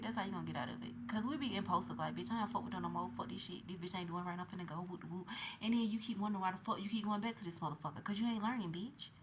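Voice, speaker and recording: A woman from Atlanta, telling a story to camera in a loud, profane, animated monologue that swings between shouting and hushed asides. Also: mid-range voice. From Atlanta, USA. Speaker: vlogger. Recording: noisy background.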